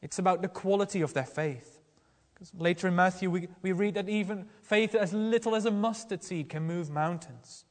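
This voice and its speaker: A man delivers a sermon, earnest and searching, circling back to restart his phrases as he works through the text. His voice sits fairly high for a man, and it carries with a long reverberant tail through a church hall. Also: normal speed. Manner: earnest, questioning, with frequent restarts. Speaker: preacher.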